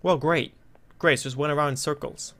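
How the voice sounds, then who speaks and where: A man commentating his play of a horror game, joking and cursing, and breaking into loud frightened yelps when scared. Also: fairly high pitch, steady tone, fairly quick. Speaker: gameplay commentator.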